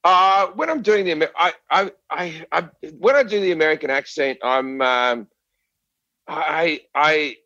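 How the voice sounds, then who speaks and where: A man's voice: fairly high pitch, a little slow, bright, forceful tone, no room sound, lo-fi sound. Ranting Australian man, stammering restarts. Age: middle-aged. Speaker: guest comedian. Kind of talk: casual podcast chat.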